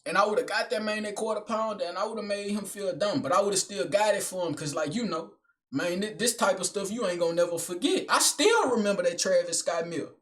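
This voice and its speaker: A man's voice: sits high, fairly quick, fairly bright tone. A young man telling a personal story in a casual, blunt, profane style full of slang, often calling the listener bro or gang.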